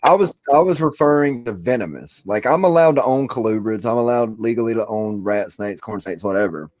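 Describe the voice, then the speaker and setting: A man's voice: lowish voice, expressive, fairly quick, a little mellow, no echo, low-quality recording. Stoned man, rambling and profane. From Alabama. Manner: rambling, profane, laid-back storytelling. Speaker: podcast co-host. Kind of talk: casual chat.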